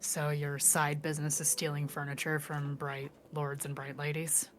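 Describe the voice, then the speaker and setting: A woman's voice: sits low, monotone, normal speed. A woman playing a character in a tabletop role-playing game, casual and dry. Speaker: player.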